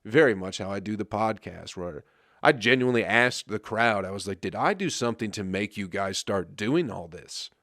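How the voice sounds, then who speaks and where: A man's voice: fairly low pitch, animated, normal speed, fairly bright tone, dry recording, studio quality. A man who is a comedian, telling rambling, profane stories on his podcast and laughing at them. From Flint, Michigan. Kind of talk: casual storytelling monologue.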